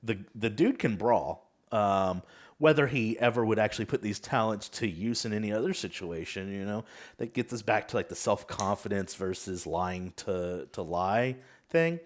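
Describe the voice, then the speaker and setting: A man's voice: on the low side, normal speed. A man hosting a podcast in casual chat, laid-back, with fillers like "uh" and "um". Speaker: podcast host.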